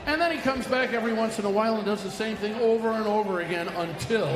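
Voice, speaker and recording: A man's voice: sits high, quick pace, few pauses, crowd noise. A man emceeing a live music night on a brewery stage, with folksy, joking stage patter. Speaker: bandleader and emcee. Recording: roomy live room with band music.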